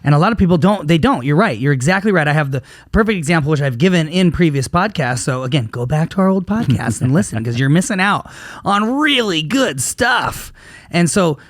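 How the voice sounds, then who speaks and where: A man's voice: a little high, no echo, clean studio sound. A man co-hosting a casual business podcast, telling stories animatedly and acting out the back-and-forth of quoted conversations. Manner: animated storyteller, acts out quoted exchanges. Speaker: podcast co-host.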